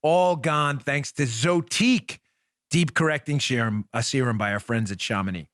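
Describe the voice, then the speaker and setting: A man's voice: mid-range voice, moderate pace, a bit bright, no room sound. A man in his forties hosting a political talk show, riffing in sarcastic mock pleas with lots of restarts, into a studio microphone. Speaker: podcast host.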